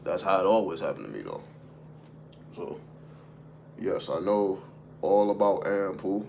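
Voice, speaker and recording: A man's voice: low-pitched, sing-song, measured pace, vocal fry, darkish tone, a little hiss or hum. A man talking off the cuff on a livestream as a spiritual content creator, emphatic and profane, throwing rhetorical questions at his viewers. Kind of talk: unscripted livestream monologue.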